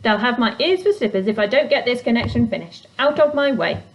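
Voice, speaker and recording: A woman's voice: on the high side, expressive, brisk, dull audio, slight background noise, voice pushed up, close to an everyday voice. A woman voicing a grumpy, snappish, short old male creature in a storybook reading. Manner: snappish, grumbling, impatient.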